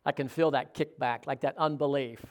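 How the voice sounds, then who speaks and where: Speaking at a normal pace with fairly even intonation and a mid-range voice, this pastor preaches conversationally, regularly turning questions toward the congregation.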